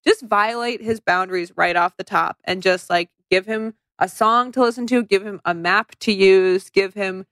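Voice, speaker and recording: A woman's voice: medium pitch, moderate pace, hardly any pauses, fairly bright tone, dry recording. A woman co-hosting a podcast in casual chat about movies, rambling with lots of "like" and acting out quotes. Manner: rambling, many likes, acts out quotes. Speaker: podcast co-host.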